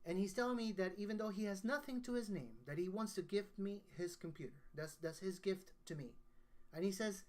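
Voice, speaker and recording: A man's voice: sits high, expressive, fairly quick. A man, a guest songwriter, telling a personal story in casual conversation, earnest and emotional, often restarting his sentences.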